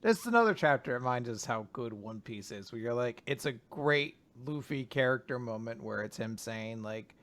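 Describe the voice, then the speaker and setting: A man's voice: mid-range voice, expressive, normal speed, few pauses, a bit bright. A man co-hosting a podcast, chatting enthusiastically and rambling with lots of fillers. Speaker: podcast co-host. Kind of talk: casual discussion.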